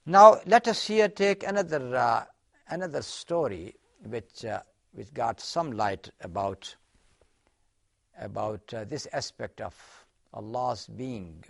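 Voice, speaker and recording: A man's voice: medium pitch, lively intonation, takes it slowly, gravelly. A man giving an Islamic lecture in an earnest, explaining way, telling a story with hesitant fillers and restarts.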